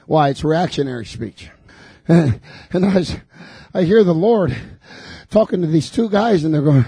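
Fervent gravelly preacher. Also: male voice, on the high side, lively intonation, measured pace, pauses often, no room sound. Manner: fervent, repetitive declarations building to shouts. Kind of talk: sermon. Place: church sanctuary.

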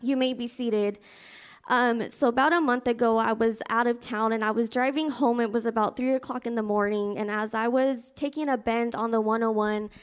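Woman preacher, higher-pitched voice, earnest personal storytelling sermon. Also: fairly even intonation, fairly quick, few pauses, clean tone. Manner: fervent spoken prayer.

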